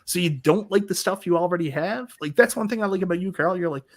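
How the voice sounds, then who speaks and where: A man's voice: high-pitched, fast talker. A man in his thirties hosting a casual panel chat over a video call, a jokey storyteller who laughs a lot. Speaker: host of an arcade talk show.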